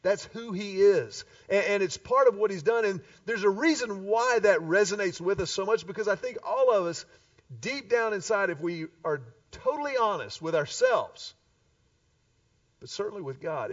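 A man preaching a sermon, an animated storyteller who acts out the voices of the people in his stories. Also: sits high, no room sound. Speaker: pastor. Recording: distant dull live recording.

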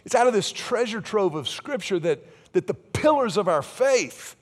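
A man in his fifties preaching a sermon, with lively, humorous storytelling. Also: high-pitched, moderate pace. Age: 50s. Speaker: pastor.

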